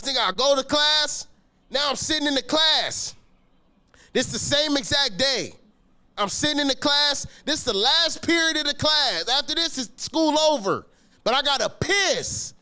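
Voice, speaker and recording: A man telling a story about his school days in a casual, slangy, animated way, swearing often and acting out the scenes. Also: very high-pitched. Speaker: podcast guest telling a story.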